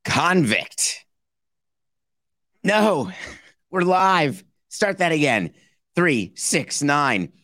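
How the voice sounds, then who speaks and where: A man's voice: a little high, very animated, extremely slow, fairly bright tone, no echo. Dry, sarcastic male sports podcaster. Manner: sarcastic, builds arguments like a mock trial. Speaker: podcast host. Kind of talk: sports talk commentary.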